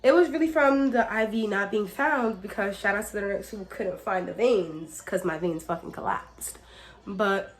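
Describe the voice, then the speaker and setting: A young woman chats through a storytime vlog, her voice a little hoarse from a cold. She keeps it loose and unfiltered, with plenty of swearing and "like", and talks straight to her viewers as y'all. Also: mid-range voice, moderate pace. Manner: chatty, swears freely, frequent "like" fillers; addresses viewers directly as y'all. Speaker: vlogger. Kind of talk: casual storytime.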